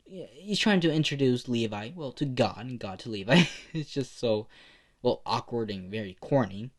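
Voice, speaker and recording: A man's voice: medium pitch, expressive, normal speed. A man narrating a fan story casually, rambling with lots of filler words. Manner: rambling, full of "you know" and "like".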